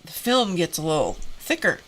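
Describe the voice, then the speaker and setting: A woman hosting a live drawing stream, teary and congested, talking in a halting, emotional way with sighs and pauses. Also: lowish voice, very animated. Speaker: host of an art live stream.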